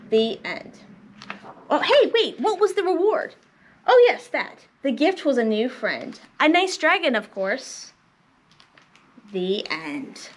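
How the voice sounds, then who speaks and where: A woman librarian reads picture books aloud for young children. Her voice is high and very lively, rising and falling as she tells the story expressively.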